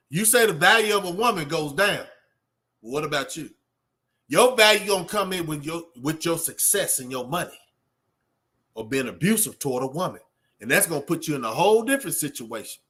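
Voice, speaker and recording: Bright-voiced streetwise man preaching. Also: a little high, animated, fairly quick. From Texas. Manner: streetwise preaching, rambling with fillers and repeated 'man'. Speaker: channel host. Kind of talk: off-the-cuff motivational talk.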